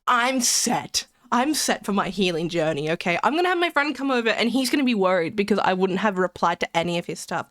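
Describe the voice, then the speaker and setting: A woman's voice: medium pitch, sing-song, brisk, few pauses, a bit bright. Chatty, giggly woman streamer with a cold. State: sick with a cold. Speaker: live streamer. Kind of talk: casual live-stream chat.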